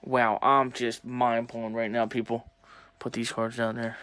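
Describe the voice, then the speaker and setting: A young man talking casually to viewers while opening sports cards, chatty and excitable. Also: medium pitch, unhurried, smooth. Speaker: sports card collector opening packs. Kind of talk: casual pack-opening vlog.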